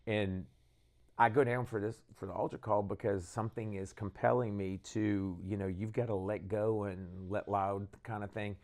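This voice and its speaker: A man telling his conversion story in casual conversation, animated and acting out the voices of people he quotes. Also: fairly low pitch, normal speed. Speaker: guest, band leader.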